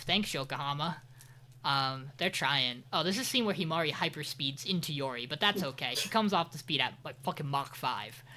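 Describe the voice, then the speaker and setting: A man's voice: on the high side, bright, forceful tone. A man co-hosting a podcast, recapping an anime in casual chat with rambling, profane, sarcastic asides. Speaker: podcast co-host.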